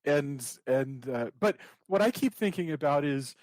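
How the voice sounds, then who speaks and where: A man's voice: fairly high pitch, expressive, unhurried, darkish tone, no echo. Musing male podcast co-host, dry sound. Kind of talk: casual film discussion.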